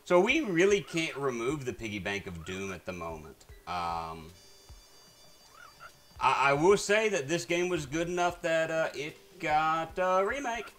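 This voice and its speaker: A man's voice: fairly high pitch, big pitch swings, measured pace, a bit bright. A man streaming a video game, chatting to viewers in a rambling, casual way with lots of fillers and restarts. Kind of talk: casual gameplay commentary. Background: faint game music.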